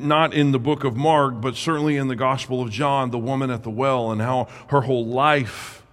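A male pastor preaching slowly and deliberately, his voice dropping to a hush on the words he wants to land. His voice sits at a middle pitch, and a long hall reverb trails behind it. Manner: slow, drawn-out delivery that sinks to a hush on key words. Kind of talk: sermon.

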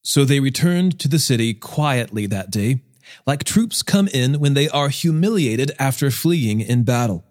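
A man reading scripture aloud in a measured, expressive way as the show's regular reader. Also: medium pitch.

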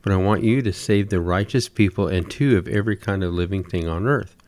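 A man's voice: low-pitched, a little fast, darkish tone, dry recording, lightly acted. A man voicing the Lord in a told story, a solemn deity who gives stern commands. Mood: commanding.

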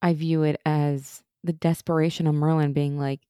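A chatty woman co-hosting a casual rewatch chat. Her voice sits low and mellow, and she fills her talk with "like." The sound is dry and close. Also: level tone, clean tone, no room sound. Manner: chatty, uses "like" often, quick laughs. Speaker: podcast co-host.

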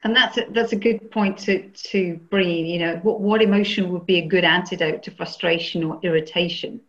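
A woman's voice: fairly low pitch, steady tone, a little fast, dull audio. A woman moderating a webinar, putting questions to the speaker.

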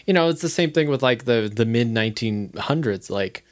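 A man's voice: medium pitch, lively intonation, brisk. A man co-hosting a podcast in casual chat, rambling and thinking aloud with many "like"s. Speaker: podcast co-host.

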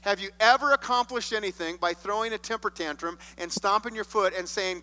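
High bright-voiced man preaching in a hall. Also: a little fast, few pauses. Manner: expressive preaching, acting out quoted voices. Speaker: pastor. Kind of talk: sermon. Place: church sanctuary. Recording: long hall reverb.

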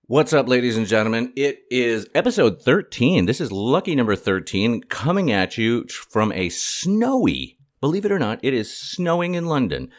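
A man's voice: mid-range voice, big pitch swings, moderate pace, hardly any pauses. A man hosting a podcast from London, playful and jokey in casual interview chat. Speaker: podcast host. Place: home in London.

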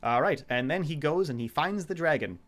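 A man in casual chat, recapping a show in a rambling, profane way and quoting the characters in quick voices. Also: on the high side, animated, fairly bright tone.

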